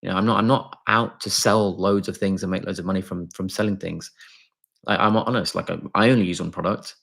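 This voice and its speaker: A man's voice: low-pitched, fairly even intonation, a little fast, creaky, fairly bright tone. A man, a doctor, casually answering viewers' chat questions on a live stream, talking with many fillers and restarts.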